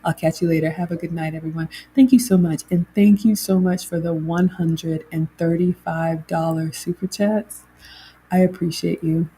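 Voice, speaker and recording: Woman, middle-aged, mellow tone, chatty livestream host. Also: fairly low pitch, little pitch movement, moderate pace, slight background noise. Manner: chatty, reading viewer comments aloud. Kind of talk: casual livestream chat.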